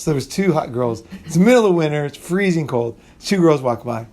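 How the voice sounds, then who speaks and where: A man's voice: a little high, animated, quick pace, hardly any pauses, darkish tone. Rambling profane man telling a story. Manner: rambling, profane, restarts often, acts out voices in quotes. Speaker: channel host. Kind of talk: casual storytelling monologue.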